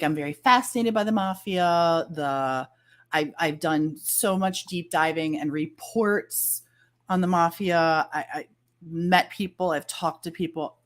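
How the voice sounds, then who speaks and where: A woman guest telling a story in casual chat, animated and acting out the lines of others. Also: low-pitched. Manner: animated, acts out quoted dialogue.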